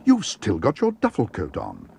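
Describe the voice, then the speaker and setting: A man voicing an eager, excitable young girl in a storybook reading. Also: lowish voice, normal speed, creaky, slight background noise, full character voice.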